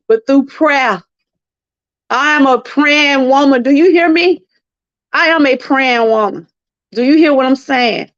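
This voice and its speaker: A woman's voice: sits high, unhurried, no room sound. Southern lady on a live stream, earnest and preachy, talks to the chat, dry close sound. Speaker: channel host. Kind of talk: live-stream testimony talk. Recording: dry, slightly muffled lo-fi sound.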